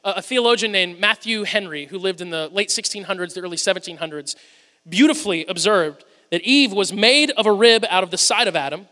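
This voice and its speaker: Man, pastor, very high voice, sermon, long echo of a big church hall. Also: brisk, pushed and bright. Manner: conversational, humorous storytelling. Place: church sanctuary.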